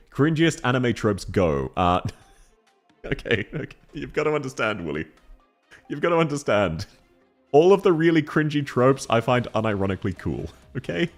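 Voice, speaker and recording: A man streaming a Q&A, answering chat questions in a playful, teasing way and laughing often. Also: medium pitch.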